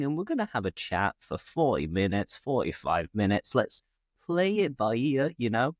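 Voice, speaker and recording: Lively-voiced British man hosting a chat. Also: medium pitch, moderate pace, dry recording, studio quality. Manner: upbeat, chatty, explains expressions. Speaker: host. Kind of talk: casual chat.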